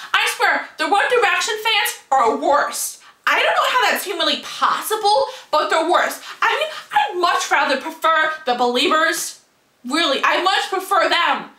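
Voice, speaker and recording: A woman's voice: very high voice, bright, forceful tone, reverberant. A young woman giving an indignant, heated rant in a video monologue, firing off rhetorical questions. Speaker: vlogger.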